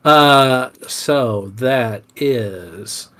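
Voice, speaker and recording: A man's voice: mid-range voice, lively intonation, slow, fairly bright tone. A man playing a tabletop game, describing his character's actions unhurriedly. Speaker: player.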